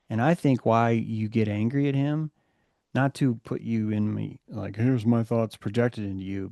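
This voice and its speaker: A man hosting a podcast in heated casual chat, rambling and swearing, dropping to a mutter and then rising to a shout. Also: fairly low pitch, no echo, clean studio sound. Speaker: podcast host.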